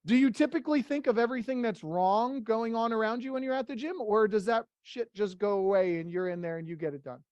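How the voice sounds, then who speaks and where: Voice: medium pitch, fast, hardly any pauses, a little mellow, no room sound, highs cut off. A workshop leader giving an interactive motivational talk, firing rhetorical questions at the group in a plain, blunt way with casual swearing.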